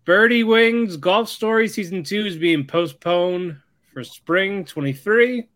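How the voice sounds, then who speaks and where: A man's voice: high-pitched, slow pace, fairly bright tone. A man co-hosting a podcast, reading out news items and dryly shutting down his partner's jokes. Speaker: podcast co-host. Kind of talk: casual chat.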